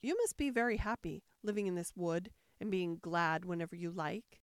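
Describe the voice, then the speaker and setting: A woman voicing the old, scatterbrained White Queen, who talks in a fussy way and breaks into shrill, squeaky screams. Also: normal speed, smooth, dry recording, studio quality, close to an everyday voice. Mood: fussing.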